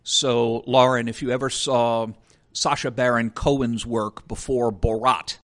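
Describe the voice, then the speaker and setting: A man's voice: medium pitch, little pitch movement, measured pace. A man co-hosting a podcast, explaining ideas in a casual educational chat and walking through examples step by step. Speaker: podcast co-host.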